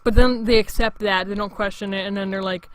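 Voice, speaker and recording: A man's voice: sits high, steady tone, brisk, a bit bright. Rambling, profane young male host. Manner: rambling, profane, frequent restarts. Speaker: show host. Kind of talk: casual monologue.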